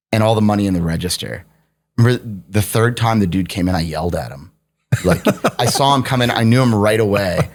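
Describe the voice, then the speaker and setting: A young adult man on a podcast, telling a story in casual chat, swearing and laughing as he goes. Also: lowish voice. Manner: profane, laughing anecdote telling. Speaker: podcast guest.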